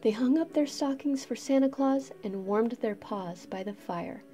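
A woman reading a children's picture book aloud in a gentle, expressive way. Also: fairly high pitch, a little slow, soft background music. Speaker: storybook reader.

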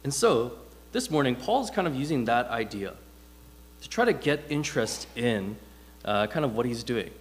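A man delivers a sermon in an easy, conversational style, leaning on fillers as he tells stories to make his points. His voice sits at a middle pitch. The sound carries a long reverb from the church hall. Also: normal speed, slight background noise. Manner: conversational, animated storytelling with frequent fillers. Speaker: preacher.

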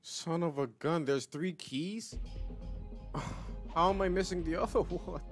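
A man giving let's play commentary, excitable and talking to himself as he plays. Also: a little high, takes it slowly, soft background music. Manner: excitable, talks to himself while playing. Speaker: gaming channel host.

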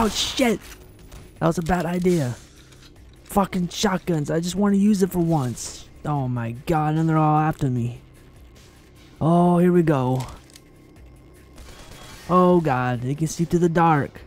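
A man giving excitable let's play commentary, swearing often and taunting his enemies as he plays. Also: a little high, measured pace, long pauses, soft background music. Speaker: gaming channel host.

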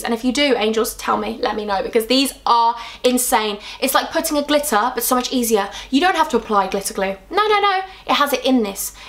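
Young woman beauty vlogger, bubbly and effusive, slightly high voice, casual chatty delivery. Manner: gushing, excitable, self-deprecating. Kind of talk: casual chat.

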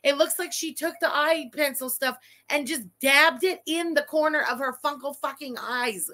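Bright-voiced, foul-mouthed woman streamer. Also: sits high, normal speed. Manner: profane, mocking and sarcastic. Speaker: streamer commentator. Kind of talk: live-stream reaction commentary.

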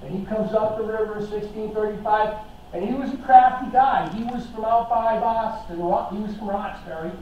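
A man's voice: sits high, fairly even intonation, normal speed, a little mellow. A man giving a casual slideshow history lecture, chatty and enthusiastic, with plenty of fillers and restarts. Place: historical society lecture room. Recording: echoey, dull, from far off, faint hiss.

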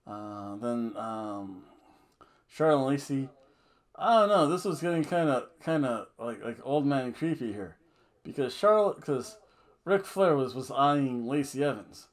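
Chatty man with a slow, lively delivery. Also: fairly high pitch. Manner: rambling and jokey, with many fillers. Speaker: wrestling show reviewer. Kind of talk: casual video review.

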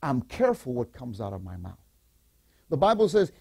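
An older man preaching a sermon as pastor, animated, repeating phrases and calling the congregation to respond. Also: mid-range voice, normal speed, vocal fry, husky.

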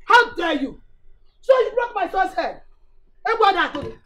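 A shouting, furious Nigerian mother. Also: extremely high pitch, big pitch swings, moderate pace, heavily acted. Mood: confrontational. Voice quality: shouting, confrontational. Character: angry mother confronting a neighbour over her son. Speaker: film actress. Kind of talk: Nollywood film acting.

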